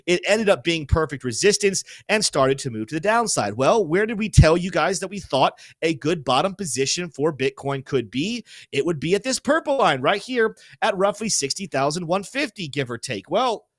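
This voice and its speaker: A man hosting a crypto show, talking in an upbeat, joking way as he walks viewers through charts. His voice sits fairly high and swings widely in pitch. The sound is dry and close, with no room echo. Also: normal speed, few pauses. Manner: energetic, joking, hypes viewers. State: teary-eyed. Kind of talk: casual market commentary.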